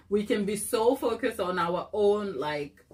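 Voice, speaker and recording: A woman's voice: mid-range voice, expressive, slow pace, darkish tone. A chatty woman hosts a casual baking live stream, talking through her ideas as she works. She reads out viewer comments and laughs often. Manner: thinks aloud while working. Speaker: cake baker hosting a live stream.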